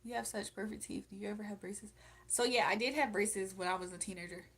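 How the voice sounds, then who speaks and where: Woman on a livestream reading chat, blunt and chatty, laughs a lot, mid pitch. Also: quick pace, a bit bright. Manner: blunt and outspoken, laughs often. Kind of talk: casual live chat.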